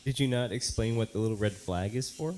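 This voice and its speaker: A man's voice: on the low side, fairly quick, darkish tone, a little hiss or hum. A man chiming in with dry, offhand remarks from a bar.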